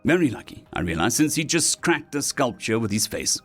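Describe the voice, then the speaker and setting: A man's voice: mid-range voice, sing-song, a little fast, fairly bright tone, breathy edge, faint music behind. A man reading sci-fi short stories aloud as scripted narration.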